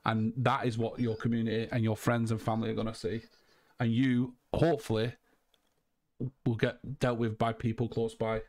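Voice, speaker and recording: A man's voice: mid-range voice, little pitch movement, moderate pace, a little mellow. A man hosting a call, talking in a heated, emphatic way, swearing and repeating himself. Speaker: host. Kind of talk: heated casual call chat.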